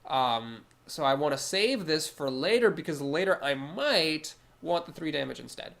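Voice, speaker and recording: A man's voice: fairly high pitch, expressive, moderate pace, gravelly, a bit bright. A man with a cold, sounding nasal, talking through his card game moves aloud as a streamer. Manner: analytical, talks through each move aloud. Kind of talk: casual gameplay commentary.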